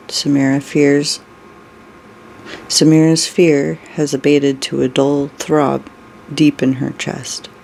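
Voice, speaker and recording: A storyteller reading a dark story aloud, unhurried, with brief personal asides. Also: mid-range voice, creaky, slight background noise, poor audio.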